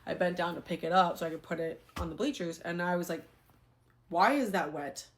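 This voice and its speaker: A young adult woman, a former teacher, telling a story in a casual, animated, exasperated way. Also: on the low side, fast, a little hiss or hum.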